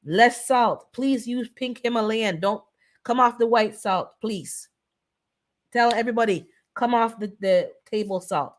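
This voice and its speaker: In an unhurried voice on the high side, a Caribbean woman of Jamaican descent leads a casual live-stream wellness chat. She pleads earnestly and repeats herself so her points land.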